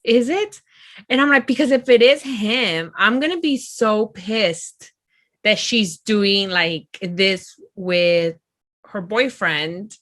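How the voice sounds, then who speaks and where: A woman co-hosting a casual book review podcast, retelling her reactions with lively, filler-heavy energy. Her voice is bright and forceful, and it sits close and dry on the mic. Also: medium pitch, takes it slowly, no echo. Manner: animated storytelling with lots of "like". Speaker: podcast co-host.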